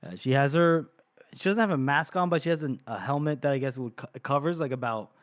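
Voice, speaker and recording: A man's voice: fairly high pitch, brisk, dry recording, studio quality. A man co-hosting a podcast, recapping a book chapter casually and trailing off mid-thought. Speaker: podcast co-host.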